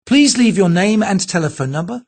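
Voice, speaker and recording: A man's voice: high voice, animated, moderate pace, a little mellow, voice pushed up. A male narrator voicing a young woman's cheerful answering machine greeting. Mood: chirpy.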